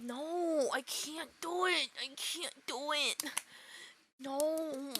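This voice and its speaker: A woman's voice: high voice, extremely slow, background noise. A woman streamer reacting to a game, dramatic and swearing, swinging between laughter and wailing. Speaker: VTuber streamer. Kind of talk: emotional let's-play reaction.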